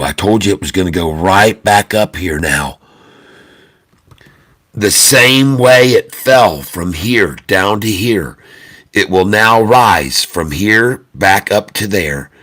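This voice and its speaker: A loud, excitable man hosting a live trading stream, with a bright, forceful tone. He hammers his points home by repeating them over and over. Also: deep voice, takes it slowly. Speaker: day-trading livestream host.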